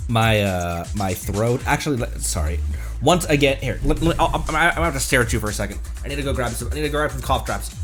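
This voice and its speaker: During a home game stream with soft background music, a man from Colorado talks fast in an expressive, fairly bright, medium-pitched voice despite his stuffy cold. The chat is rambling and self-mocking, with frequent laughter.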